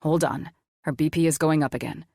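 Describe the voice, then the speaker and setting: A woman voicing a calm, gentle male doctor in an audiobook, speaking softly and steadily to reassure. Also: low voice, a little fast, no echo, clean studio sound. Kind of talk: audiobook character voice.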